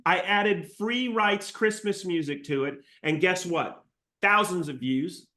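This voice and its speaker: A man giving an energetic, joking live training session to real estate agents. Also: sits high, takes it slowly. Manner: energetic, jokey, salesy pep talk.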